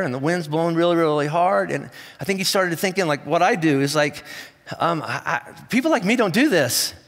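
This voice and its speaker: A man preaching a sermon in a casual, animated storytelling way, acting out the people in his stories. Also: high voice, big-room sound. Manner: conversational, animated storytelling with acted-out quotes. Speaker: pastor. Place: church auditorium.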